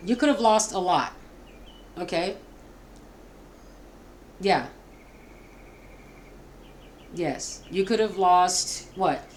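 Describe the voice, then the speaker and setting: Middle-aged lady doing a tarot reading, warm and rambly, repeats herself a lot, faint hiss. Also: lowish voice, expressive, extremely slow, pauses often. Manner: warm, repetitive, stumbling, emotional. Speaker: tarot reader. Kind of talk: casual spoken tarot reading.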